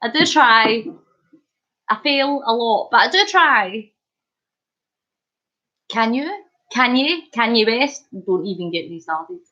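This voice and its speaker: Woman streamer, high voice, unhurried, playful banter, slightly dull lo-fi stream audio. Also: expressive, sharp tone. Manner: chatty, jokey, punning, laughs often. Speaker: livestream host. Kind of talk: casual live chat reading comments.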